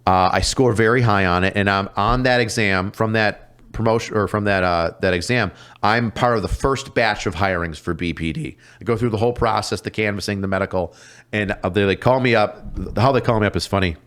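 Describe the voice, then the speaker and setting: A man, a police officer guest on a podcast, telling stories casually with lots of swearing and quick impressions of other people. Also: lowish voice, clear, resonant tone. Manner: profane, animated, mimics people in his stories. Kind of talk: casual storytelling.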